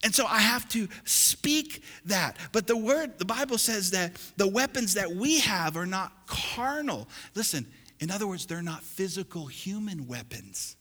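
A bright-voiced man preaching in a church with long, rolling reverb. His voice sits a little high, and he drives the congregation to repeat his words back. He swings from quiet asides to loud exhortation. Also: expressive, measured pace. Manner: preaching with call-and-response, building to loud exhortation. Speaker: pastor. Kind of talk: sermon.

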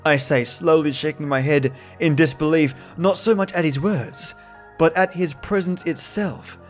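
A man narrating a first-person horror story from a script, measured and tense. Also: on the high side, faint music behind.

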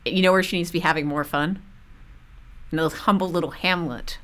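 A woman's voice: fairly low pitch, fairly even intonation, fairly quick, a bit bright. A woman co-hosting a podcast in casual chat, playful and teasing, laughing often. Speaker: podcast co-host.

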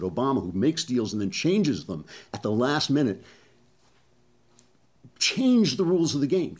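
A male commentator with a mid-range voice whose pitch swings widely as he talks. He is animated and conversational, with a sarcastic edge. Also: husky. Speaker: talk show host. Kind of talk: political commentary monologue.

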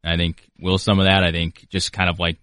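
Relaxed man chiming in from the booth. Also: sits low, brisk, smooth, dry recording, clean studio sound. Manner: relaxed, hesitant. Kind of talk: casual radio talk.

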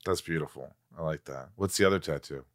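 A man's voice: a bass voice, fast. A man interviewing an actress, asking questions in a playful, teasing way.

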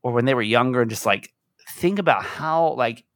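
A man's voice: medium pitch, normal speed, no echo, clean studio sound. A man hosting a podcast, telling a rambling, emotional story in casual chat. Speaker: podcast host.

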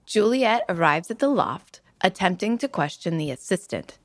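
A woman's voice: on the low side, big pitch swings, no echo. A woman co-hosting a podcast, chatting casually and giggling as she recaps episodes. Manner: giggly, recaps plot briskly. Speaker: podcast co-host. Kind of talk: casual rewatch podcast chat.

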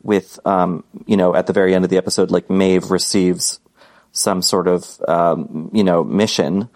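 A man co-hosting a podcast, talking haltingly with many fillers and restarts. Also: low-pitched, fairly even intonation, a little mellow. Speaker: podcast co-host. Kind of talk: casual podcast discussion.

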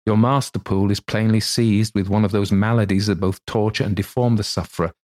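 A composed middle-aged lawyer reasoning things out in formal, careful sentences, played by a man reading the book. His voice is low and steady. It is a single-reader audiobook. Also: a little fast, lightly acted.

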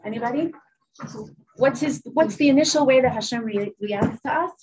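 A woman's voice: sits high, normal speed, breathy edge, poor audio. A woman teacher reading a children's story aloud to her class, then teaching and checking in with students. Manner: lively, checks in with students often. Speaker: religious studies teacher.

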